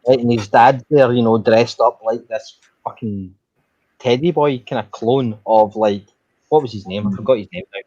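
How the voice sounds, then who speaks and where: A man's voice: medium pitch, moderate pace, darkish tone, no room sound. An Irish man rambling through a story in casual chat, swearing freely. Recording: dull lo-fi sound.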